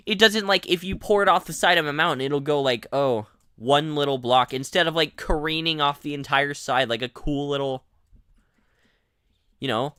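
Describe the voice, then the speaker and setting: A young male streamer talks through his gameplay in a loose, rambling way, full of restarts and asides to his chat. His voice is bright and swings widely in pitch. The sound is dry, with no room around it. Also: lively intonation, normal speed, no room sound. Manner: rambling, chatty, many restarts; reads out chat messages. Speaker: gaming streamer. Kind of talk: casual gameplay commentary.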